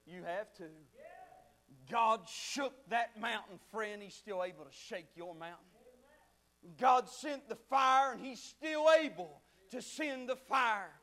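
A man preaching a sermon with fervent swings from shouting to hushed near-whispers, talking straight to his listeners. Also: sits high, slow pace. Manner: conversational, addresses listeners as friend.

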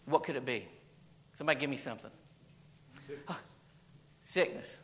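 A man's voice: medium pitch, fast talker, pushed and bright, rough recording. A man preaching a sermon in a church, repeating phrases and firing questions at the congregation, with a storytelling manner. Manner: storytelling, reading an anecdote aloud. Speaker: pastor.

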